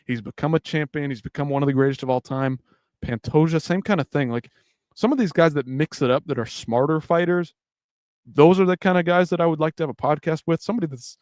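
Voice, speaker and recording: Late at night, a tired male livestream host chats casually in a loose, profane, rambling way, often restarting his sentences. His voice sits on the high side with a darkish tone, and the mic sounds bone-dry.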